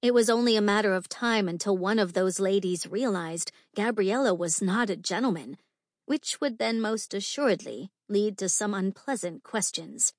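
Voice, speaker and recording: A woman reading an audiobook in a measured, clear storytelling manner. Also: medium pitch, no echo, studio quality. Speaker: audiobook narrator. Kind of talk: scripted audiobook narration.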